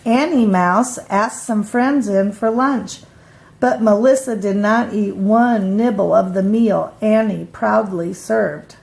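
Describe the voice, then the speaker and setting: An older woman, a grandmother, reading a storybook aloud to her grandchildren in an unhurried way. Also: medium pitch, gravelly, darkish tone.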